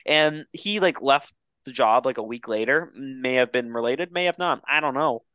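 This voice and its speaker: Young man, bright voice, rambling storyteller. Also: medium pitch, normal speed, smooth, no room sound. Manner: rambling, animated storyteller who swears freely. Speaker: podcast co-host. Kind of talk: casual chat.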